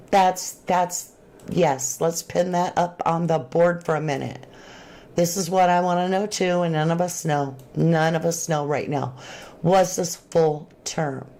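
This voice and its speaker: A woman hosting a true crime livestream, chatting casually and reading viewer comments aloud. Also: lowish voice. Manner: chatty, animated, Southern-tinged slang.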